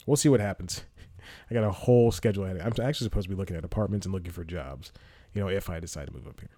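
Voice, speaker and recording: A man's voice: low voice, rapid-fire, warm tone. A man hosting a casual solo podcast from a small apartment room, rambling and self-mocking, laughing often. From Georgia, USA. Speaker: podcast host. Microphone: headphones and studio microphone.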